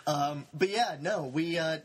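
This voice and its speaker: A young man in his twenties is a guest on a podcast, talking in a wry, joking way with casual swearing. His voice is husky and sits somewhat high for a man. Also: measured pace. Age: 20s. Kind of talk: casual chat.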